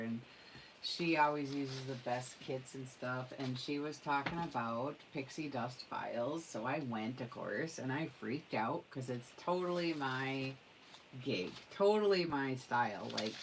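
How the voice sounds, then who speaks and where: A woman showing her craft supplies in a casual, gushing, excitable way, chatting to viewers. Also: rumbling low, slight background noise, rough recording. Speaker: craft vlogger. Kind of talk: casual craft show-and-tell.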